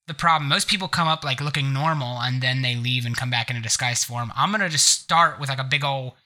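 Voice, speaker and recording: A man hosting a live gaming podcast, telling bits in a playful, animated way. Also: medium pitch, fairly quick. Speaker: podcast host.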